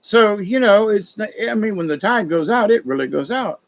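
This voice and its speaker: Folksy rambling man, slightly high voice. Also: lively intonation, moderate pace, dull audio. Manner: folksy, digressive, conspiratorial storytelling. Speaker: spiritual talk host. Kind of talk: rambling casual monologue.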